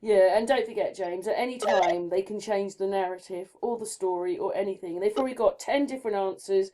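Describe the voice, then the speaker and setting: A woman's voice: mid-range voice, brisk, few pauses, warm tone. A woman in casual conversation, chatty and rambling. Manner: chatty, rambling, laughs easily.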